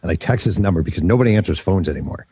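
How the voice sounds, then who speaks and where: Man, deep dark voice, husky, dry close sound, animated interview storytelling. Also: racing, dry recording. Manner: animated storyteller acting out quotes. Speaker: author interviewed about his book.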